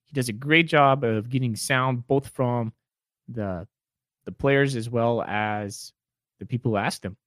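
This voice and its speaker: A man's voice: medium pitch, measured pace, fairly bright tone, dry recording. Laid back guy on a sports podcast, mid voice, dry. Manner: easygoing, thinks aloud with fillers. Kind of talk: casual sports chat.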